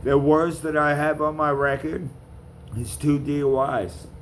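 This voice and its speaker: A man's voice: fairly high pitch, fairly even intonation, a little slow, a little hiss or hum. A man ranting to camera in a vlog, calling out people by name, with blunt, profane talk. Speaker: vlogger.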